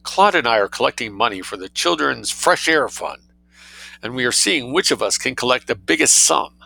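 A man's voice: medium pitch, lively intonation, moderate pace, vocal fry, bright, forceful tone, heavily acted, poor audio. A man reading as a prim, scheming young girl. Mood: chatty scheming. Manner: cold dignity, coolly mercenary. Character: prim, calculating young girl bargaining from a tree.

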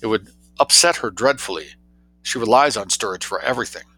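A man reading an audiobook, voicing a droll young gentleman who tells tall tales in an arch, quick, mock-grave way. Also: on the low side, lively intonation, exaggerated voice, low-quality recording.

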